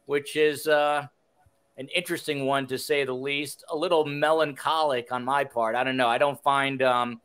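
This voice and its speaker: Male podcast host from New Jersey, clear voice, casual and self-deprecating. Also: medium pitch, steady tone, moderate pace, a bit bright. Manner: chatty, self-deprecating, reads questions aloud. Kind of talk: casual chat, reading listener questions.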